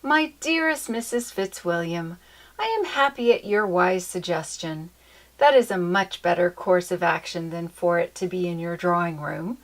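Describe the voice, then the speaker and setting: A woman's voice: fairly low pitch, animated, normal speed, close to an everyday voice. A woman voicing a genial Victorian father in a mild, courteous manner, close to her own reading voice.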